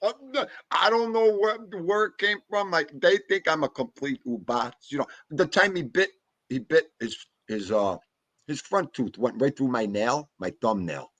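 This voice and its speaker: A man's voice: on the high side, moderate pace, no room sound. A man hosting a casual chat, telling dog stories in an emphatic, slangy way. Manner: animated, emphatic storytelling with street slang. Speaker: host.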